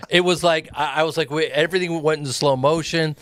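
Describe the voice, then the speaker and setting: Middle-aged man telling animated stories. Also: fairly high pitch, fast talker, no echo. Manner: animated anecdotes with acted-out quotes. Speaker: guest actor and comedian. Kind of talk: casual storytelling.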